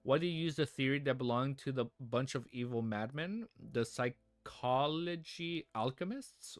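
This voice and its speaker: Streamer guy reading out loud, stumbles and cracks jokes, dead dry mic. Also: mid-range voice, animated, dry recording. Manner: reads haltingly, stops to joke and react. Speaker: streamer reading a web novel aloud. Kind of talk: casual reading with live reactions.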